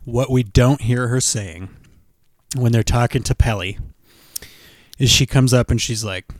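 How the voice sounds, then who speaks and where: A man's voice: mid-range voice, slow, long pauses, dry recording. A man chatting casually as a podcast co-host, joking and putting on voices for characters. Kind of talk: casual chat.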